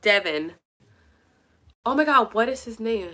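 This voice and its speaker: A woman's voice: fairly high pitch, expressive, measured pace, bright, forceful tone, soft background music. A young woman talking casually to her viewers, rambling and emphatic, swearing a lot. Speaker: vlogger. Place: at her mother's home.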